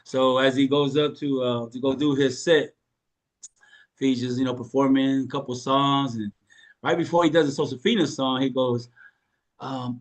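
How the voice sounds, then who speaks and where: A man hosting a casual chat, telling a personal story in a relaxed, joking way and laughing often. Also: on the high side, moderate pace. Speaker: host.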